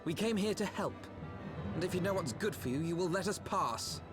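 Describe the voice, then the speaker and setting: An actor voicing a calm, polished young male noble in a video game, heard faintly. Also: high voice, normal speed, over music. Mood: firm.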